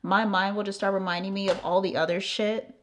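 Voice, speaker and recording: A young woman from the United States telling a casual storytime on her channel, animated and swearing freely, acting out the other person's lines and padding her talk with "like". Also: medium pitch, brisk, slight background noise. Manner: animated, swearing, acting out quotes, frequent "like" fillers. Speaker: vlogger.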